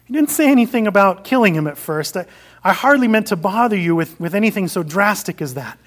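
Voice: medium pitch, animated, a little fast, lightly acted. A preacher doing a stammering frightened ghost man. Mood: panicked. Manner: stammering, protesting. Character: frightened, dithering male ghost.

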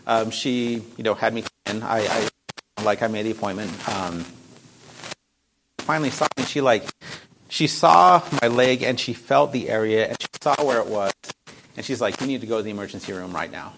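A man's voice: lowish voice, normal speed, creaky, background noise. A man telling a personal faith testimony in an earnest, rambling way, full of fillers and restarts.

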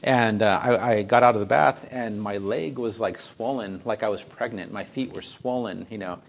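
Earnest rambling man with a gravelly voice. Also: lowish voice, moderate pace, rough recording. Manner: earnest, rambling with many fillers and restarts. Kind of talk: personal faith testimony.

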